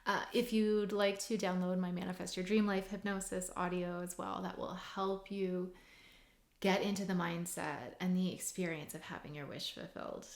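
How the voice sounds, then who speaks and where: A woman's voice: lowish voice, steady tone, normal speed. A woman hypnotherapist and mindset coach explaining in a casual, earnest way, full of "like" and "right?". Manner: conversational, many "like" and "right?" tags, earnest. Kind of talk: casual teaching monologue. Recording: roomy echo.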